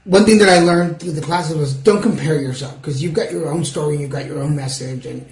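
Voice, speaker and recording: A man's voice: on the high side, a little fast, darkish tone, echoey room, poor audio. A man in his forties hosting a podcast interview in a friendly, easy-laughing way. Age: 40s. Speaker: podcast host.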